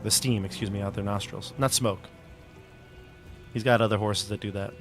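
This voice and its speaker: A man's voice: fairly low pitch, fairly even intonation, normal speed, music in the background. A man narrating as game master of a tabletop game, chatty and loose, with fillers and restarts.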